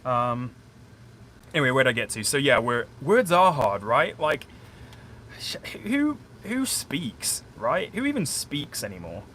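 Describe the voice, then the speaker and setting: A man's voice: medium pitch, very animated, a little slow, fairly bright tone. A man from a small town outside Sheffield with a South Yorkshire accent, chatting casually to viewers on a live stream as he plays a solo board game and explains the rules. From small town outside Sheffield, England. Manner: chatty, rambling, thinks aloud, talks to viewers. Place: indoors at home, curtained room. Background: faint boiler noise.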